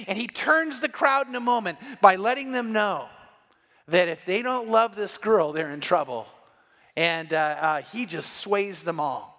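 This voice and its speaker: A man's voice: fairly high pitch, lively intonation, normal speed, a bit bright, big-room sound. A man preaching an evening sermon, retelling a story and acting out the lines of each person in it. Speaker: pastor.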